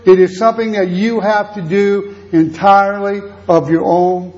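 A man's voice: sits high, little pitch movement, moderate pace, a little mellow, muffled recording. A man preaching a sermon to a congregation, with an emphatic, repetitive preaching cadence.

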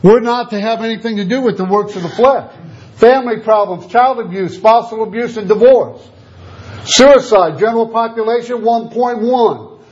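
A man's voice: high voice, normal speed, darkish tone. A man preaching a sermon, telling a story and acting out the voices of the people in it. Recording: dull lo-fi sound.

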